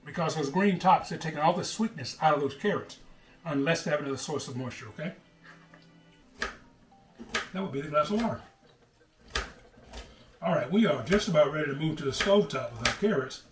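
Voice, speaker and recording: A man's voice: on the high side, animated, a little fast, pauses often, roomy sound, recorded from a distance, music in the background. A middle-aged man hosting a home cooking show, chatting casually as he preps vegetables and calls people "brother.". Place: home kitchen.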